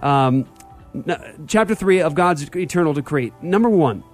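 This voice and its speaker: A man's voice: on the high side, expressive, a little slow, soft background music. A man hosting a church talk show, teaching theology in an emphatic style and repeating key phrases.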